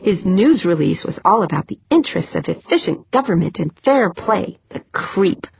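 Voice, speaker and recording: A woman's voice: mid-range voice, animated, normal speed, vocal fry, breathy edge, dry recording, heavily acted. A woman voicing an angry, foul-mouthed woman official, talking in a snappish, grumbling way. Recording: dull lo-fi dry.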